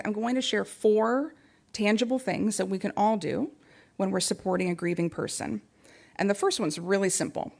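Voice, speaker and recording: A woman's voice: medium pitch, creaky, darkish tone. A woman giving an earnest, reflective talk to a spiritual community, telling personal stories. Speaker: guest speaker.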